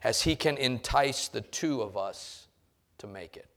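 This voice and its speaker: A middle-aged man preaching a sermon in a church, swinging from quiet talk to loud emphasis and acting out voices. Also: medium pitch, lively intonation, measured pace. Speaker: pastor. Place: church sanctuary.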